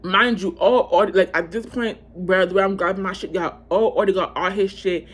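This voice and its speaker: A woman in her twenties telling a storytime tale to her viewers in a casual, profane, rambling way, breaking into loud outbursts. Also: mid-range voice, fairly quick, slightly rough. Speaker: vlogger.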